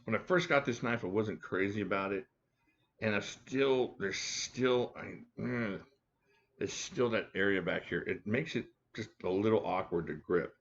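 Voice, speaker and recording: A low-voiced man with a drawl chats loosely on a home live stream, greeting viewers by name and cracking jokes. The audio is a bit dull and lo-fi. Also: measured pace, creaky, a bit bright, a little hiss or hum. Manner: chatty, joking, talks to viewers by name. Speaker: live stream host reviewing knives. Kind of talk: casual live chat reading viewer comments. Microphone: desk mic at a home setup.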